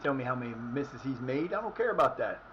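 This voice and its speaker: A man rants and swears his way through a live football game stream, complaining about his team and the refs. His voice sits at an ordinary middle pitch. A steady hum of noise runs under the recording. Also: quick pace, lo-fi sound. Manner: frustrated, profane ranting at the game.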